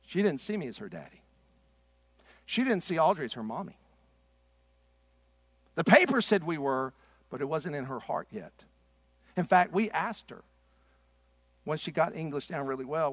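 A middle-aged man preaching a sermon in a church. His delivery is impassioned and swings from loud to hushed. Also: a little high, very animated, moderate pace, pauses often, breathy edge, no echo. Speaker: pastor. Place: church sanctuary.

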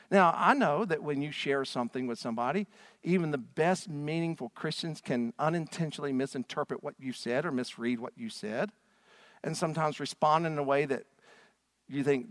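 Man, pastor preaching, slightly high voice, dry close sound, emphatic. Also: no echo. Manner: earnest preaching, rising and emphatic. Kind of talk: sermon. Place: church stage.

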